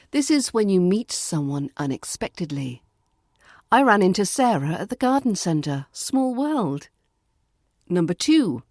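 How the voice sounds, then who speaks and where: A woman with a British RP accent teaching pronunciation on a podcast, deliberately stretching out example words. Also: on the low side, darkish tone, dry recording, clean studio sound. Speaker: accent coach.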